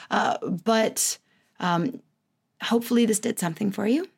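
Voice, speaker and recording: A woman in her thirties hosting her own podcast, talking alone in a candid, self-mocking way, often jumping up in pitch. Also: normal speed, creaky. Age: 30s. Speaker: podcast host. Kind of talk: casual solo podcast monologue.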